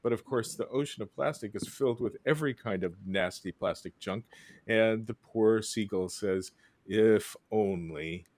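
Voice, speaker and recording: A man's voice: fairly low pitch, normal speed, dry recording. A man hosting a casual panel chat, describing cartoons aloud and quoting their characters. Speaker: host.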